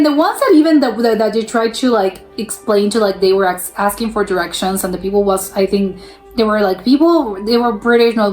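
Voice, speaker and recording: A young woman from the United States hosting a reaction video, talking casually with lots of fillers, restarts and sudden jumps in pitch for emphasis. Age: young adult. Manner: rambling, filler-heavy, frequent restarts.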